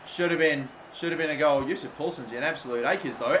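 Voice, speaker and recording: High, bright young man cursing at a game. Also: fairly quick, few pauses, slight background noise. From Australia. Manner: swears constantly, frustrated, erupts into shouts. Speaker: gaming YouTuber. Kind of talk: live gameplay commentary.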